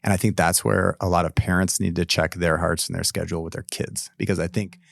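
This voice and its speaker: Pastor, man, deep and earnest, reflective podcast talk, dry room. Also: flat delivery, fairly quick, gravelly, no echo. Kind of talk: casual podcast discussion.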